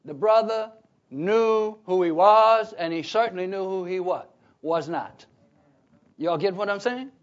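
A man preaching a Bible teaching sermon, emphatic, often pausing on "what?" so listeners fill in the words. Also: sits high. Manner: emphatic, repeats key phrases. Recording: dull lo-fi recording.

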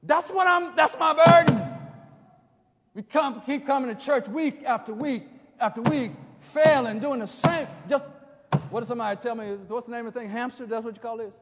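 A man preaching a sermon with passion, dropping to a hush and then rising to shouts, often repeating and restarting his phrases. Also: extremely high pitch, normal speed, slight background noise. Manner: impassioned, swings from hushed to shouting. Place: church sanctuary. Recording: dull sound with a long hall reverb.

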